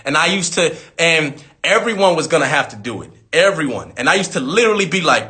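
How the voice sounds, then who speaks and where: Man, 30s, bright edgy voice, profane animated storyteller on a phone livestream. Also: on the high side, fast, few pauses. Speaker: rapper on a live stream. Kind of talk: casual livestream talk. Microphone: phone on a live stream.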